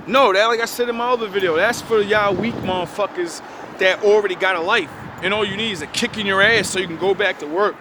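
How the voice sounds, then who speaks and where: A young video creator with a high voice and a quick pace stands by a street, launching into a blunt motivational rant. He curses heavily and gets preachy, and the outdoor recording is noisy.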